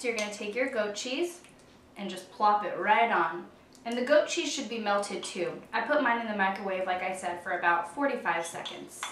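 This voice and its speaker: A woman in her twenties with a medium-pitched, fairly bright voice gives an upbeat, chatty cooking demonstration in her kitchen, joking about herself as she goes. The audio is roomy and distant, with faint guitar music and slight background noise.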